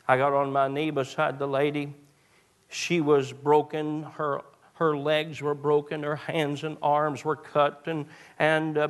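A male pastor, preaching a sermon that moves from quiet storytelling to raised, fervent preaching. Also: a little high.

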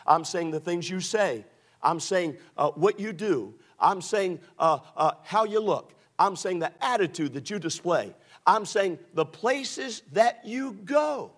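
High-voiced pastor preaching a sermon. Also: male voice, animated, a little slow. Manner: builds from low storytelling to shouted exhortation.

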